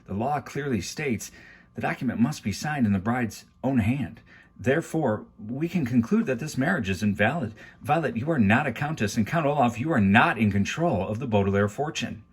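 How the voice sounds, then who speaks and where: A man's voice: mid-range voice, expressive, slightly rough. A man reading aloud, voicing a stern but kind woman judge who weighs her words carefully. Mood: ruling firmly. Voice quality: careful, measured.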